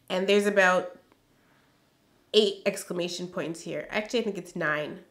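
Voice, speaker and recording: Bright-voiced woman telling a storytime. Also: on the low side, moderate pace, long pauses. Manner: emphatic, exasperated asides between read-out passages. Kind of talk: storytime vlog, reading her old journal aloud.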